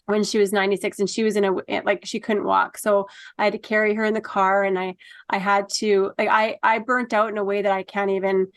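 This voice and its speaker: A woman interviewing a guest, telling stories in a quick, chatty way. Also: mid-range voice, little pitch movement, smooth, dry recording. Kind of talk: casual interview talk.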